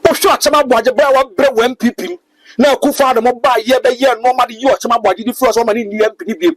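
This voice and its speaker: A man's voice: very high voice, fast talker, faint music behind, low-quality recording. A Ghanaian man giving emphatic, preachy political commentary as a talk-show guest, switching between English and Twi.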